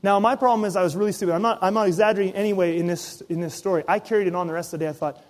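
A man preaching a sermon as pastor, telling personal stories with lively, acted-out asides. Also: high voice, racing, few pauses. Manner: animated storytelling, acts out his own inner voice.

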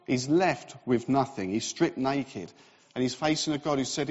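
A man's voice: medium pitch, animated, moderate pace, slightly rough. A man preaching a sermon in a conversational, self-deprecating way. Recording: reverberant, slightly dull hall recording.

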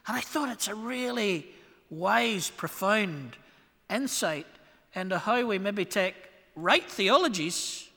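A Northern Irish man preaching in a church, his bright, high voice carrying a long reverb through the hall. He delivers the sermon wryly and with a self-deprecating touch, leaning hard on some words and dropping low on others. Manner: wry, self-deprecating, varied emphasis. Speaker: pastor.

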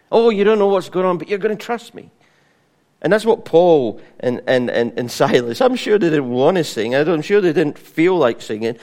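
A middle-aged man preaching a sermon, animated, acting out voices and singing. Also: medium pitch. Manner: animated, acts out voices, sings hymn lines.

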